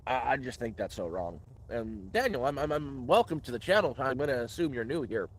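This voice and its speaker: A man's voice: medium pitch, lively intonation, fairly quick, slight background noise. A man hosting a casual live question-and-answer stream outdoors in the woods, rambling and restarting words. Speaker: livestream host.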